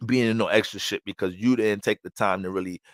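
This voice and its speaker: A man's voice: on the low side, steady tone, fast talker, dry recording. A man giving an astrology reading in a casual, blunt way, full of profanity and street slang.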